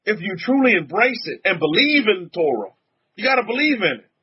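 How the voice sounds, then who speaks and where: A rabbi giving a loose, conversational sermon, talking to his congregation in a voice pitched high for a man with a husky edge. He circles back and repeats himself and chuckles often. The recording sounds dull and lo-fi. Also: sing-song, a little fast. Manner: chatty and repetitive, often chuckling, addresses the congregation directly. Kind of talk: informal sermon.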